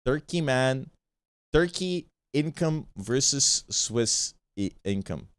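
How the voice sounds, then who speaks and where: Ranting man streamer, lively pitch. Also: slow, smooth, dry recording. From Bosnia. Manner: ranting, swears a lot, repeats himself. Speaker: streamer hosting a watch party. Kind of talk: casual chat.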